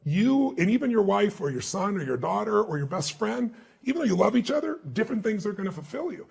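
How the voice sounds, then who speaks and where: A man being interviewed as an author, telling stories in an emphatic, animated way and acting out the dialogue. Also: high-pitched, quick pace, vocal fry, breathy edge. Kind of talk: interview storytelling.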